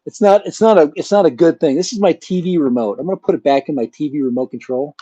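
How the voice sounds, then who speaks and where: A man's voice: fairly high pitch, quick pace, warm tone, slightly rough, dry recording. A man hosting his channel in a casual live chat, rambling and joking with a chuckle. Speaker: channel host. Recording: dull lo-fi sound.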